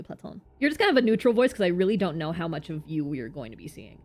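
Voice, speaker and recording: A woman's voice: deep voice, racing, hardly any pauses. Brief: woman game streamer, chatty, jumps between thoughts. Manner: chatty, excitable, self-interrupting. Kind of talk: live game stream commentary.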